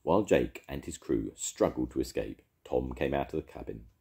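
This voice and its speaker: An older man, a storytelling grandad, reading a children's story aloud with expressive delivery. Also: very deep voice, normal speed, vocal fry.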